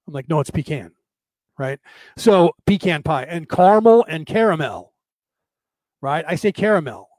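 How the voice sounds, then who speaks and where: An American man hosting a live-streamed show, rambling quickly in casual talk and peppering it with "right?" and mock voices. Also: a little high, no room sound. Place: home setup, camera off.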